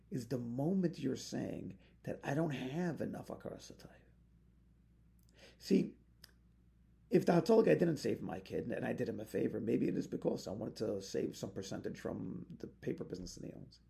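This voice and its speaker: A man's voice: medium pitch, vocal fry, dark tone. A man, a rabbi, teaching a Torah lesson with passion, weaving Hebrew phrases into his English and building to emphatic peaks.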